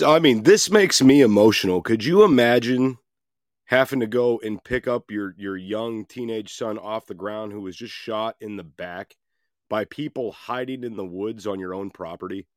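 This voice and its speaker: A man's voice: on the low side, normal speed, dry recording, studio quality. A man hosting a podcast, telling a story in a casual, conversational way with frequent restarts and some swearing. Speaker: podcast host.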